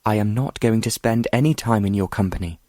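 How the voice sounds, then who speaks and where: A defiant young noblewoman held captive, her voice pitched up a little and pleading in desperate bursts, as a deep-voiced man reads her. The sound is close and dry, with no room around it. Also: fairly quick, mellow, no room sound, close to an everyday voice.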